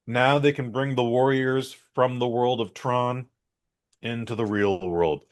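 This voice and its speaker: A man's voice: mid-range voice, steady tone, unhurried. A man co-hosting a podcast, giving a blunt, rambling and opinionated movie review in a casual chat. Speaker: podcast co-host.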